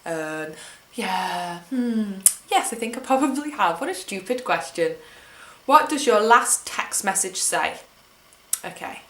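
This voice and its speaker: A woman's voice: medium pitch, lively intonation, slow pace, a bit bright, roomy sound. A woman in her twenties with an English accent, chatting wryly and mocking herself as she answers questions at home. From England. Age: 20s. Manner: chatty, wry and self-mocking. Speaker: vlogger. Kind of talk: casual tag video chat.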